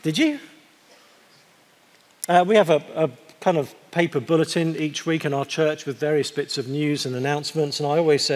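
A man preaching a sermon in a conversational, wry way, slowing down to stress key words. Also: a little high. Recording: long hall reverb.

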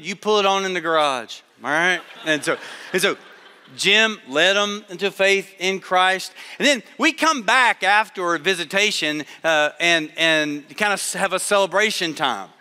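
A man preaching a sermon to a live audience, telling a story with animated voices for the people in it. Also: high-pitched, clear, resonant tone, in a large hall.

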